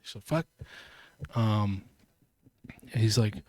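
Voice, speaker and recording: A man on a podcast, caught up in retelling a scene from a film, swearing freely and acting out what the characters say. His voice sits at an ordinary middle pitch. The sound is dry and close, with no room around it. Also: moderate pace, dry recording. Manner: animated storytelling, swearing, acting out lines. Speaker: podcast co-host.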